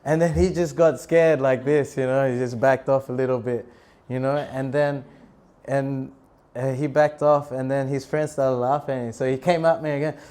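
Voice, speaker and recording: Guy in his 30s telling a wild story at a temple talk, super animated, mid voice, keeps laughing. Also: mid-range voice, moderate pace. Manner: animated, laughs often, bursts into shouted prayers. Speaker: monk preacher.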